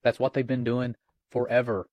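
A man's voice: mid-range voice, flat delivery, moderate pace, no echo, dull audio. A middle-aged man co-hosting a Christian podcast, speaking in an earnest, alarmed way. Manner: earnest and alarmed, reads chat quotes aloud. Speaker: co-host of a Christian watchman podcast. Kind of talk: casual religious commentary.

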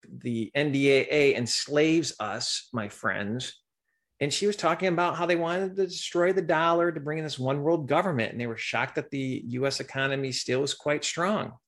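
A man's voice: a little high, moderate pace, fairly bright tone. A man hosting a podcast, talking in a rambling way and reading news articles aloud. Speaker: podcast host. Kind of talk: conspiracy commentary podcast.

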